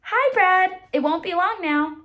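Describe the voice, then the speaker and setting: A woman reading aloud voices a young mother with a husky voice. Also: very high voice, expressive, a little slow, a bit bright, dull audio, pitched above the performer's own voice, full character voice. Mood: tender.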